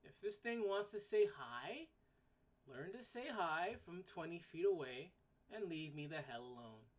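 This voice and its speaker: A woman's voice: on the low side, lively intonation, unhurried. A woman hosting a solo podcast, ranting bluntly, swearing casually and repeating herself when worked up. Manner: repeats words and restarts sentences when worked up. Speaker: podcast host.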